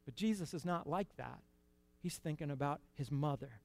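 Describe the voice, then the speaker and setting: A man preaching a sermon in an earnest, conversational way, rising to emphatic peaks and dropping to quiet asides. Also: sits high, expressive, a little slow, no room sound.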